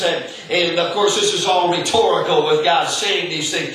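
Man, pastor, sermon, high voice, halting with repeated words, heavy room echo, far from the mic. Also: a bit bright. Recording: echoey room, far from the mic, faint noise.

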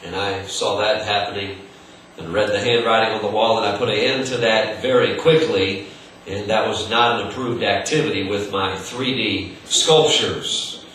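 A male pastor preaching a sermon, halting and repeating words as he searches for the next thought. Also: on the low side, fairly even intonation, a bit bright. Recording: echoey room, far from the mic, faint noise.

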